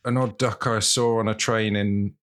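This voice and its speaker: Deep-voiced man with dry teasing. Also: fairly even intonation, normal speed, a bit bright. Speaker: podcast co-host. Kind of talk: casual chat.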